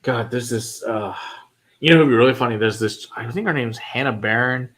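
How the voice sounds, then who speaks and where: A man's voice: medium pitch, brisk, a bit bright. A man hosting a whiskey livestream, chatting casually with viewers, answering their comments and laughing often.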